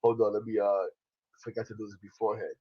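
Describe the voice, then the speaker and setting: A man's voice: fairly low pitch, little pitch movement, fast talker, husky, dull audio. A man co-hosting a sports podcast, chatting in a laid-back, agreeable way. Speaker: podcast co-host. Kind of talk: casual sports chat.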